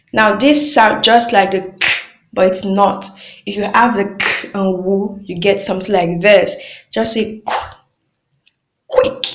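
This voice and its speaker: A woman teaching a phonics lesson, patiently repeating each sound and checking in with a questioning "hmm?". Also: mid-range voice. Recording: echoey room, dull lo-fi sound.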